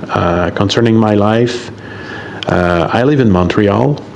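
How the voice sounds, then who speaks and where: Casting: French-Canadian man, fifties, lowish voice, hesitant and full of fillers, faint hiss behind. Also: creaky, a little mellow. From Quebec, Canada. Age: 50s. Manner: halting, hesitant, many fillers, apologetic. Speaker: guest sending a recorded message to a radio show. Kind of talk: self-recorded voice message.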